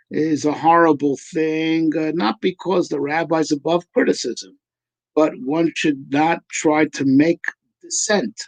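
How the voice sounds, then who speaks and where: A man's voice: on the high side, creaky, a little mellow, dry recording, dull audio. A man, a rabbi, answering questions in a casual teaching talk, hesitant with many fillers and frequent "right?" tags.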